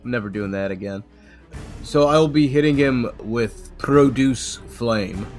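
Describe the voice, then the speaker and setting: A man's voice: medium pitch, a little slow, a little mellow, soft background music. Male player, casual, profane, mid-range voice. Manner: casual, profane, explaining rules. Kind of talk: casual tabletop play.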